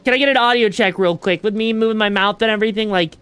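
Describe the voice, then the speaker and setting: Talking fast in a clean, fairly bright mid-range voice, this woman VTuber chats while getting a game ready. She rambles, leans on fillers, and swears casually.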